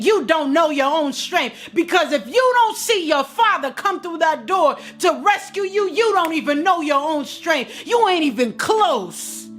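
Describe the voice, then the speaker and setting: A woman hosting a live stream, giving a fervent, faith-based pep talk while she works out, sweaty and winded, and building to excited outbursts. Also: high voice. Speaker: motivational live-stream host.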